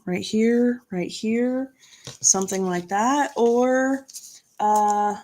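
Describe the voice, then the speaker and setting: A woman's voice: mid-range voice, a little mellow. A woman hosting a crafting live stream, chatting casually, reading viewer comments aloud and laughing easily as she works.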